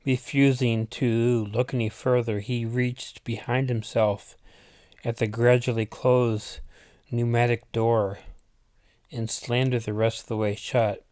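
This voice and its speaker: A man reading a spooky story aloud as its narrator, in a deliberate manner with the odd aside to his listeners. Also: medium pitch, little pitch movement, darkish tone, no room sound, studio quality. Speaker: channel host reading his own story.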